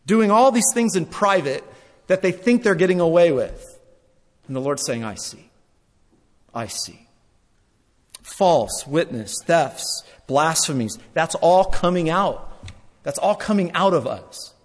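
A man preaching a sermon, repeating phrases for emphasis and swinging between loud and hushed. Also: fairly high pitch, expressive, measured pace, in a large hall.

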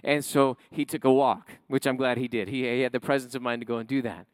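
A man's voice: mid-range voice, steady tone, fast, clear, resonant tone, dry recording. A man preaching a sermon who tells a family story, then builds to emphatic preaching. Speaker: pastor.

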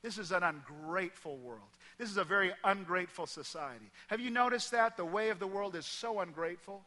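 A middle-aged Midwest American pastor preaching from the stage, his voice high and ringing. He hammers his points through repetition, then drops suddenly to a hushed tone. The sound carries a long reverb from the big church hall. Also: animated, brisk. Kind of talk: sermon.

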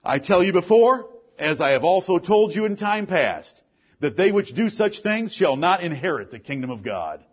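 Husky high-voiced man preaching a sermon. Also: sing-song, normal speed, dull audio. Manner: forceful preaching, rises and drops sharply, rhetorical questions. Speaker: pastor.

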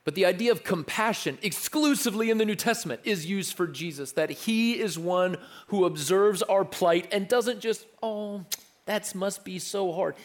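Earnest young man preaching a sermon. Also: on the high side. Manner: earnest, conversational preaching with repetitions and restarts. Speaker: pastor.

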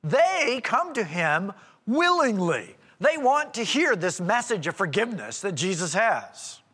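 Male preacher, high and animated, chatty explaining with asides, long church-hall reverb. Casting note. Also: measured pace, slightly rough. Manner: conversational, explaining with rhetorical asides. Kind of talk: expository sermon.

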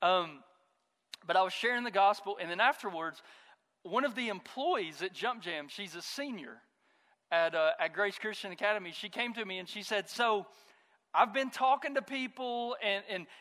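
A high, bright male voice preaching a sermon in a church sanctuary. He is a pastor in his thirties who talks in an easy, conversational way and mixes in stories from home. His words ring out with a long reverb through the hall. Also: expressive, normal speed.

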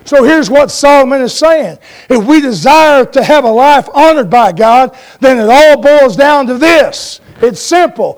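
A man preaching a sermon in a folksy way, telling stories and asking his congregation for an amen. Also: very high-pitched.

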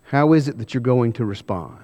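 A man preaching a sermon, pressing the congregation with repeated questions and slowing down for emphasis. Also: mid-range voice, animated, a little mellow. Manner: emphatic, questioning the congregation, varying pace widely. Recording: long hall reverb.

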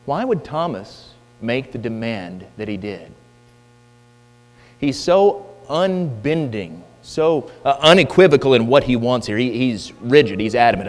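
A man's voice: mid-range voice, expressive, unhurried. A man preaching a sermon, emphatic and full of rhetorical questions, in a church hall. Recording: long hall reverb with mains hum.

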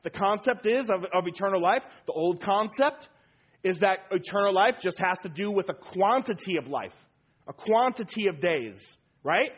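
A man's voice: high voice, animated, moderate pace, breathy edge. A man preaching a sermon as pastor, emphatic and repeating key phrases for weight.

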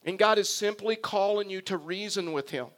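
A man's voice: high-pitched, normal speed, fairly bright tone. A man preaching a sermon, speaking earnestly and repeating phrases as he addresses the congregation. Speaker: pastor.

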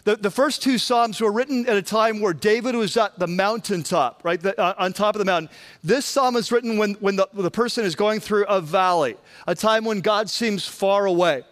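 A man's voice: high-pitched, normal speed, a bit bright. A man preaching a sermon in a loose, conversational way, with frequent restarts and asides to the congregation. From Southern California. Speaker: pastor.

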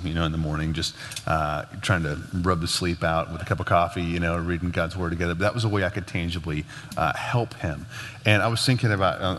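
A man teaching about marriage in a relaxed, conversational way, laughing now and then. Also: low voice. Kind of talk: casual teaching talk. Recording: long hall reverb.

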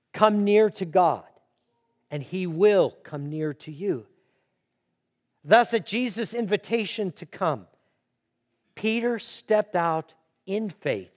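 A man preaching a sermon, slow and emphatic, repeating phrases for weight. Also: a little high. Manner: slow and emphatic, with dramatic repetition.

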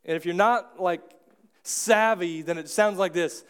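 Man, pastor, high voice, conversational sermon, quick asides. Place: church.

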